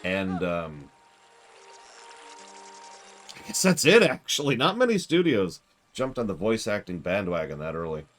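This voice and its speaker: A man's voice: deep voice, big pitch swings, a little slow, pauses often, fairly bright tone, faint music behind. A man streaming a game live, chatting casually and rambling with self-deprecating asides.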